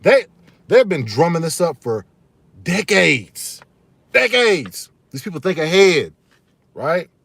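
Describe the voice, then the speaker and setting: A man's voice: a little high, big pitch swings, moderate pace. A man hosting his own live stream, talking casually and emphatically to his viewers, calling them y'all and repeating his points. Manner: fired-up, emphatic, repeats key phrases, addresses viewers as y'all. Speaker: channel host streaming live.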